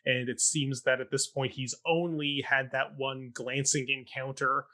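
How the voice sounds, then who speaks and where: A man's voice: medium pitch, level tone, unhurried, pushed and bright. A young man co-hosting a talk show, recapping a stage play in a chatty, sarcastic way and mock-quoting the characters. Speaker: podcast co-host recapping a stage production. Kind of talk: casual chat.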